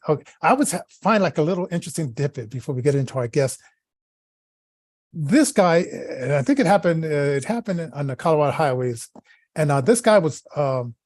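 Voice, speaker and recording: Guy co-hosting a talk show, bit high voice, keeps stumbling and restarting, dry sound. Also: darkish tone, no echo. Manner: stammering, restarting, chatty. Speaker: co-host.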